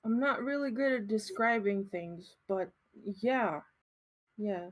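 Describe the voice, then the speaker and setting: A woman speaking in character during a tabletop role-playing game, with halting, simple, unsure phrasing. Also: mid-range voice, lively intonation, rough recording. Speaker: player.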